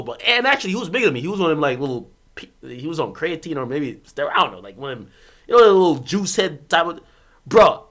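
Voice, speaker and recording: Animated young man telling a wild story. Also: a little high, fast. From Jamaica. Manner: animated, swears freely, bursts of laughter, swings from loud to muttered. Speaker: streamer. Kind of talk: casual storytelling chat.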